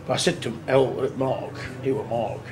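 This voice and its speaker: Crowd noise surrounds this medium-pitched man, who speaks at a normal speed with fairly even intonation. He's a tribute band singer telling a rambling, earthy anecdote, swearing and acting out what others said, in a noisy on-location recording.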